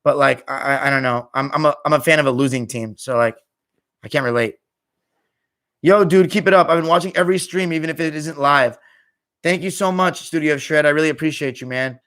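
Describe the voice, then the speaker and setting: A young American man hosts a live stream, reading chat comments in a tired, offhand way as his phrases trail off quietly. He speaks a little fast with a voice on the high side.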